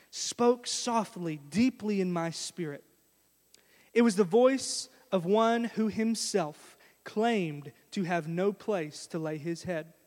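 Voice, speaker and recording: A man preaching a sermon in a church, telling a story in an animated way and speaking straight to the congregation. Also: high voice. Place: church sanctuary. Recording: long reverb of a church hall.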